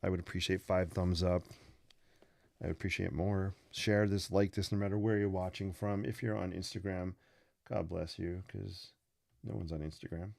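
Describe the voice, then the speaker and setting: A man's voice: deep voice, steady tone, moderate pace, gravelly, a little mellow, no room sound, studio quality. A man hosting a live sketching stream, chatting casually and rambling with joking asides as he draws. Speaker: livestream host teaching sketching. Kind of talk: casual live-stream chat while drawing.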